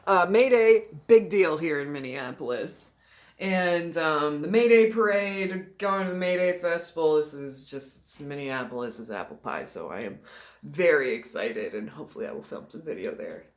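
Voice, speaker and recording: A woman's voice: low-pitched, animated, normal speed. A young woman vlogging from home while hungover, chatting candidly and laughing often as she tells a story into the camera. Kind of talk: casual confessional vlog.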